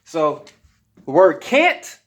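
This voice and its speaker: Male health vlogger, slightly high voice, emphatic and slangy, talking straight to camera. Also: sing-song, extremely slow. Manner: emphatic, slangy, repeats "okay?" to check in. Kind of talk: casual motivational talk to camera.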